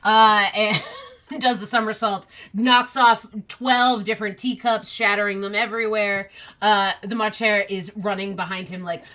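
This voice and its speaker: A woman narrating a tabletop game as game master, relaxed with many fillers. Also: medium pitch, measured pace.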